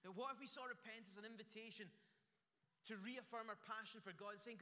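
High bright-voiced man preaching in a hall. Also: fairly even intonation, brisk. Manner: earnest preaching with repeated phrases and rising emphasis. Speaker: pastor. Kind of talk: sermon. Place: church. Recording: echoey church hall.

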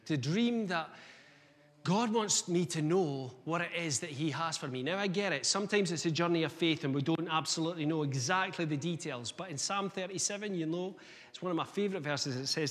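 A man's voice: on the high side, fairly quick. Man preaching in an echoing hall. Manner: energetic, conversational preaching with rhetorical questions. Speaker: guest preacher. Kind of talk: sermon. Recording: long reverb of a hall.

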